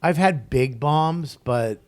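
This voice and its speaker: A man's voice: a little high, slow pace. A male stand-up comedian telling a story as a guest in a casual interview, swearing freely and acting out other people's lines. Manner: profane, animated storyteller who acts out other people's lines.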